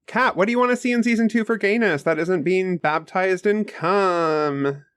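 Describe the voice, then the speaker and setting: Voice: mid-range voice, moderate pace, a bit bright, clear, resonant tone, dry recording. A podcast co-host in casual chat, teasing and blunt.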